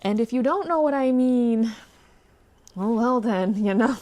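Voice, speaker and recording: A woman giving exasperated, animated commentary on a news story, her voice dropping low and then rising into loud outbursts. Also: a little slow. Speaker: commentary vlogger.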